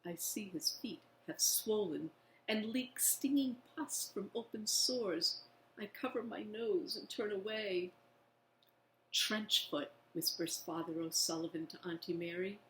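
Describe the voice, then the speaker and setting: A woman reads a children's book aloud at a slow, expressive pace. Her voice sits at a middle pitch, and the room around her echoes. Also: a little hiss or hum. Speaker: reader.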